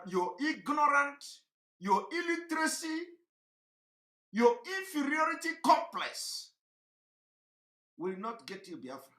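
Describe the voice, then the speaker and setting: Man, impassioned livestream commentary, forceful bright tone, preachy, repetitive, roomy echo. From Nigeria. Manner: preachy, repetitive, rhetorical questions, swings between shouting and low tones. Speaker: online broadcaster.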